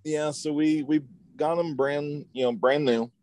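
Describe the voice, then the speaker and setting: A man's voice: a little high, unhurried, dry recording. A laid-back man chatting with a friend, his speech loose and filled with "like" and "dude." The recording is dry and close, with no room sound. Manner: relaxed, says "dude" and "like" often. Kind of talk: casual chat.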